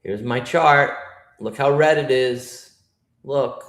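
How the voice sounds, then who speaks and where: A man who grew up in New York runs a live trading stream, cursing and complaining as he narrates his screen to viewers. He talks at an unhurried, drawn-out pace, and his voice rings a little in a roomy space. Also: mid-range voice, a bit bright. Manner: profane, griping, talks to chat. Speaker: livestream trader host.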